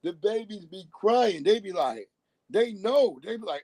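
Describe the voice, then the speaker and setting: Gravelly man ranting bluntly. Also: sits high, unhurried, no room sound, poor audio. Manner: blunt, animated, acts out quoted voices. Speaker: live streamer. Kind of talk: casual profane rant.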